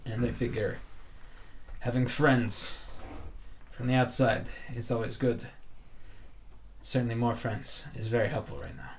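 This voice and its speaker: A man's voice: medium pitch, measured pace, pauses often, recorded from a distance, a little hiss or hum, close to an everyday voice. A man voicing a worried, earnest male conspirator in a tavern. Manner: anxious, earnest.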